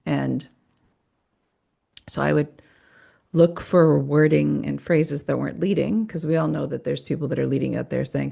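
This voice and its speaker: A woman's voice: low voice, steady tone, measured pace, vocal fry, long pauses, dark tone, husky. A woman hosting a podcast in a casual, rambling monologue, swearing and cutting herself off often. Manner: profane, rambling, self-interrupting. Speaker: podcast host.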